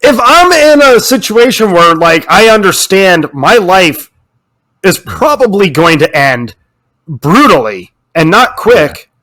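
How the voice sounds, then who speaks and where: A man in casual podcast chat, ranting with animated energy and swearing freely. His voice sits a little higher than most men's, with a lively, mildly sound. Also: slow pace. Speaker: podcast co-host.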